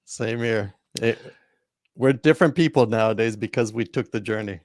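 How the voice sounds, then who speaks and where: A man co-hosting a casual chat show, laid-back and quick to laugh along. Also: on the low side, a little mellow, no echo. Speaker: co-host.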